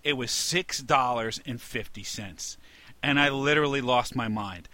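A man's voice: medium pitch, a little slow, dry recording. A man from New York with a New York accent, a podcast co-host ranting comedically and getting more and more exasperated. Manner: exasperated, ranting, rising to indignant shouts. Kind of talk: comedic rant.

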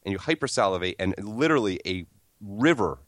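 A man with a low voice and a lively, swinging pitch, recorded close and dry. He draws out a silly story, piling detail on detail for the laugh. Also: dry recording. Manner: rambling, drawn-out comic buildup. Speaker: podcast co-host. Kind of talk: casual comedic storytelling.

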